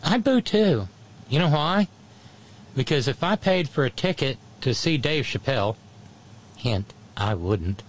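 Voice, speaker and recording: A man's voice: mid-range voice, animated, unhurried, noisy background. A man hosting a political commentary show, talking in a sarcastic, blunt and profane way.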